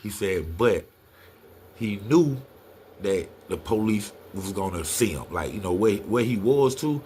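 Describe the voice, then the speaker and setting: A middle-aged man telling a story in casual talk, acting out the quoted lines in a raised voice. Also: a little hiss or hum. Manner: animated, acts out quotes in a higher voice.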